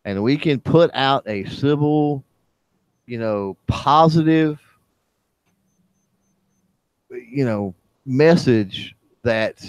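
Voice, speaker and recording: A man co-hosting a casual online chat, speaking in a halting way with many fillers and restarts. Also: medium pitch, darkish tone, no room sound. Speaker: livestream chat co-host.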